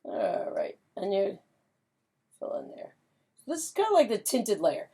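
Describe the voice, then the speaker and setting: An upbeat woman talks her way through a watercolor lesson, chatty and easygoing, with plenty of fillers and little hummed tunes. Her voice sits at an ordinary middle pitch. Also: wildly swooping pitch, measured pace, mellow, husky. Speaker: pet portrait artist and painting instructor. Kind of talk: casual painting demonstration.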